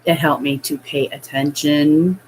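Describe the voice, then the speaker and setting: A woman telling a personal childhood story in a hesitant, halting way, full of fillers. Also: sits low, fairly even intonation, a little mellow, breathy edge, rough recording. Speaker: vlogger.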